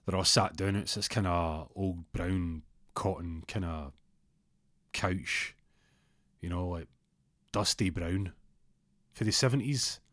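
A man's voice: low voice, slow, pauses often, dry recording, studio quality. A man with a Scottish accent telling a rambling comic story, acting out the characters. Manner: rambling, animated, acts out characters.

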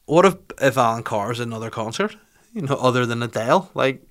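A man's voice: mid-range voice, lively intonation, brisk, a bit bright. A young man hosting a comedy podcast, chatting in a rambling, sweary, mocking way. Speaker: podcast host. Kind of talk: casual comedic podcast chat.

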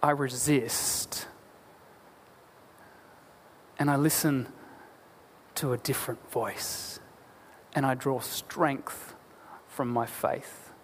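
A man preaching a sermon as a pastor, earnest and deliberate, asking rhetorical questions. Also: medium pitch, fairly even intonation, slight background noise. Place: church. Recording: long church hall reverb.

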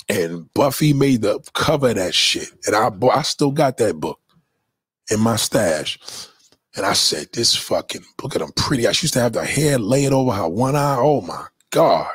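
Husky guy on a podcast, swears a lot, rambling stories, pitch all over the place. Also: expressive, normal speed, no room sound. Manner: loose, profane storytelling, lots of restarts. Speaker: podcast host. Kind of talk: casual podcast chat reading live comments.

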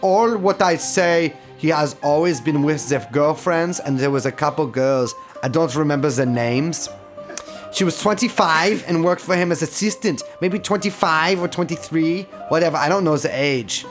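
A man's voice: a little high, normal speed, faint music behind, natural voice. A man voicing an evasive male Russian bodyguard and trainer in a comedic interview reenactment, speaking broken English in a put-on Russian accent that drifts toward German and Polish. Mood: defensive. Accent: put-on Russian, slipping toward German and Polish. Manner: broken English, defensive, denies everything.

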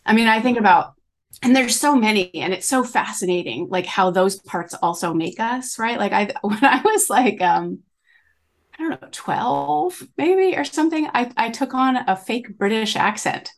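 Chatty woman, rambling and animated. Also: on the high side, normal speed. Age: middle-aged. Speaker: podcast guest, coach. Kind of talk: conversational interview.

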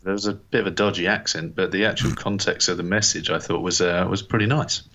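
Laid-back male podcast co-host, very low yet crisp voice, dry skeptical delivery, faint hiss. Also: fairly even intonation, fast, bright, forceful tone, lo-fi sound. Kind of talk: casual sports podcast banter.

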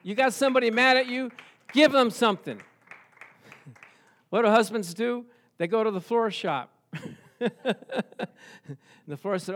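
A man preaching a sermon, telling the story with lively rhetorical questions and chuckles. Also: very high-pitched, a little slow, long pauses. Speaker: pastor.

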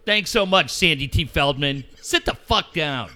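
A man's voice: a little high, lively intonation, a little slow, sharp tone. A man ranting about local sports with constant swearing and mocking put-on voices. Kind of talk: profane sports rant.

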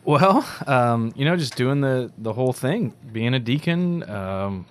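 A man from Louisiana who serves as a deacon, joking in a relaxed chat and often pausing with "um". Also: mid-range voice, clear, resonant tone. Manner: friendly, joking, with frequent "um". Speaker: deacon, guest co-host. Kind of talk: casual chat.

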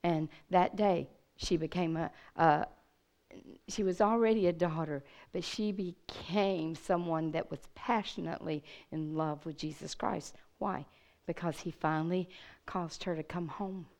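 A woman's voice: lowish voice, measured pace. A woman giving a sermon as a guest speaker, telling a personal story with animation and talking straight to her listeners. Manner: animated storyteller addressing the audience directly. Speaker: guest speaker at a women's church gathering. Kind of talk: testimony sermon.

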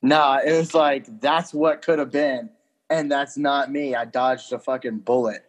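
Young man, casual storytelling, rambling, lots of fillers, middle pitch. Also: steady tone, a little slow. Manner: loose, rambling, heavy on fillers and profanity.

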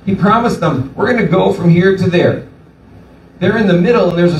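Male preacher, storytelling sermon, slightly high voice, roomy and distant sound. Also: a little fast, slight background noise. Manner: animated storytelling with voiced asides. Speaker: pastor. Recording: echoey room from far off.

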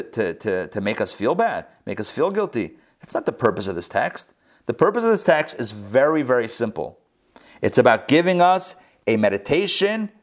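A rabbi teaching a live class, talking animatedly and often turning to his listeners with rhetorical questions. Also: on the high side. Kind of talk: live Torah lesson. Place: recorded live at a school.

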